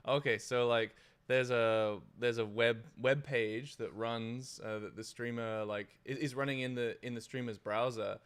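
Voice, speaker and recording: A man, a guest in a casual live-stream interview, talking in halting bursts with restarts and casual swearing. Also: mid-range voice, fairly even intonation, fairly bright tone, smooth. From United Kingdom. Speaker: guest, former streaming platform engineer.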